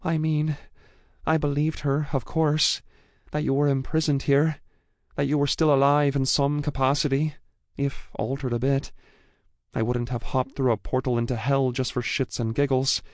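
A man's voice: medium pitch, little pitch movement, moderate pace, no room sound, studio quality, voice pushed up, natural voice. A man voicing an emotional young woman in an audiobook, her words choked and watery as she holds back sobs. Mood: tearful. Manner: tearful, choked, breaking with held-back sobs. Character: young woman, emotional, fierce, loyal friend. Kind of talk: audiobook character voice.

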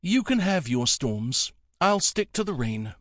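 Brief: boastful, teasing young dragon woman, put on by a male narrator, pitched well up. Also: very animated, fairly bright tone, no echo, studio quality. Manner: teasing, quick-witted. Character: young female dragon king, small, proud, boastful.

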